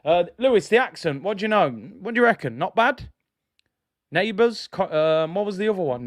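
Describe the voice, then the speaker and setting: A man's voice: sits high, expressive, normal speed, dry recording, studio quality. A man hosting a football fan live stream, chatting casually and upbeat as he reads out viewer messages.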